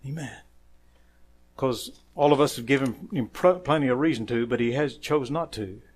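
A man preaching a sermon as pastor, quoting scripture, saying "amen" often, rising to loud emphatic phrases and dropping quiet for asides. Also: normal speed. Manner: emphatic preaching that swells louder on key phrases and drops low and quiet for asides; quotes scripture with frequent "amen".

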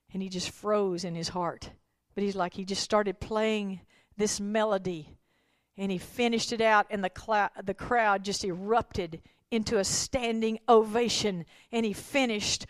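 A woman preacher delivering a sermon who swings between folksy storytelling and shouted, rhythmic climaxes. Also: medium pitch, no room sound.

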